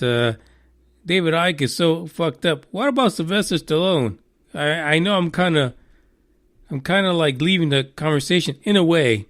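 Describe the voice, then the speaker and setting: A man's voice: a little high, no echo, studio quality. Joking, foul-mouthed podcast host, a man. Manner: profane, joking, animated. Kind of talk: casual live podcast chat.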